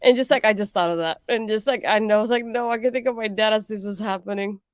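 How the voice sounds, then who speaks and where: A woman's voice: mid-range voice, quick pace, no room sound, studio quality. A woman co-hosting a wrestling podcast, chatting casually and laughing often. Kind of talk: casual chat.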